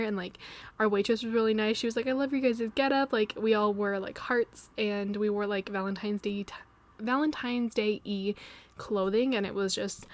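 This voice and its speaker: A young woman in her twenties talks through her week in a loose, rambling way, with giggles and plenty of fillers along the way. Her voice sits at an ordinary middle pitch. She is close to the mic in a dry space with no room sound. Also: no room sound. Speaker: planner vlogger. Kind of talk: casual chatty voice-over.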